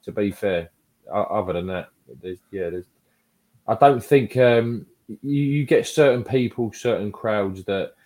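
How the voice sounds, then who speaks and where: Really deep voiced dude, laid back and blunt, lots of "to be fair". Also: male voice, measured pace, a little mellow. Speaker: podcast co-host. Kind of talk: casual chat.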